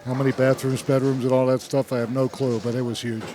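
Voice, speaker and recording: A man's voice: medium pitch, little pitch movement, quick pace, dark tone. Male bowling commentator, chatty and jokey, noisy alley broadcast. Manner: chatty, jokey, laughs often. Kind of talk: casual play-by-play commentary. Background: bowling alley noise.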